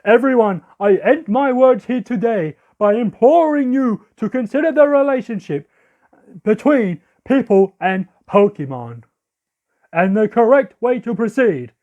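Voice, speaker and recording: Pompous orator voiced by a man, odd put-on accent, high voice, grand declaiming speech. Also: lively intonation, a little slow, a little mellow. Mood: grandiose. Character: pompous male orator preaching to a crowd. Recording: lo-fi audio.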